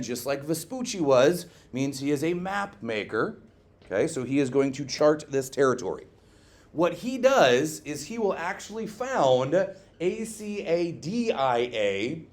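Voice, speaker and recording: A male teacher giving a classroom history lecture, lively and joking, asking the class questions and tagging on "okay?" often. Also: on the high side. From Scotland.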